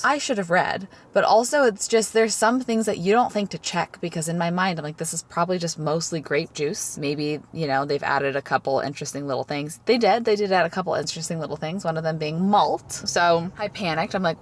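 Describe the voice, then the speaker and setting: A woman in her twenties with a light Southern American accent tells stories in a casual vlog, talking fairly quickly in a fairly low voice with few pauses. She's chatty and animated, saying "like" a lot.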